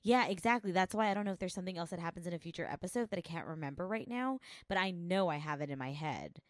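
A woman's voice: lowish voice, animated, fast, no echo, clean studio sound. A woman co-hosting a podcast, talking casually and openly about a show, swearing freely. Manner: frank and emotional, swears freely. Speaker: podcast co-host. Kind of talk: casual chat recapping a show.

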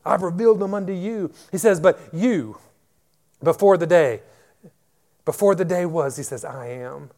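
A male pastor in full sermon, his fairly high voice climbing into loud emphatic declarations before dropping back to a quieter teaching tone. He repeats words as he builds momentum, calling out to the congregation. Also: normal speed.

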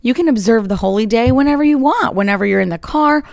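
A woman's voice: fairly high pitch, lively intonation, fast talker, vocal fry, a little mellow, dry recording. Chatty upbeat woman hosting a podcast. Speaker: podcast host. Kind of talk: casual solo podcast monologue. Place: at home in a chair by a sunny window.

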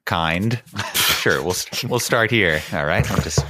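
A man's voice: sits low, animated, slow pace, background noise. A man playing a nervous sperm donor in an improvised comedy sketch, flustered and awkward. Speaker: comedy podcast host.

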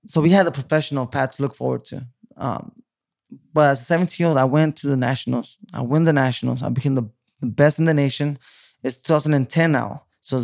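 Gravelly man telling a rambling story. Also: mid-range voice. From California. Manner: rambling, with many restarts and fillers. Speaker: guest. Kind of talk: casual storytelling interview.

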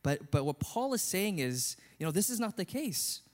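A man's voice: high voice, very animated, normal speed. A male pastor preaching a sermon in an earnest, conversational way.

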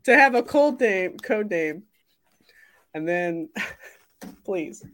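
A woman's voice: mid-range voice, expressive, drawn-out words, fairly bright tone. A woman co-hosting a casual chat, teasing and giggling as she talks.

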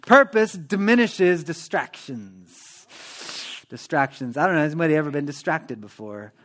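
A man preaching a sermon in a church, in a lively, conversational manner that acts out everyday prayers. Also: fairly high pitch, normal speed. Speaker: pastor.

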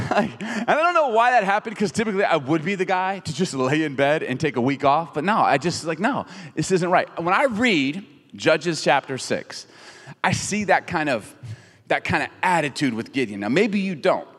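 A middle-aged man, a pastor, telling a funny story in a sermon, animated and self-mocking. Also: fairly high pitch, normal speed. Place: church auditorium stage. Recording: reverberant hall.

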